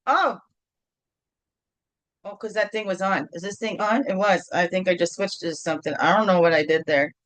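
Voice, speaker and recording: A woman's voice: fairly low pitch, moderate pace, fairly bright tone, no echo. A middle-aged woman hosting a casual morning video chat from home, playful and rambling, with sing-song bits. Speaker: host.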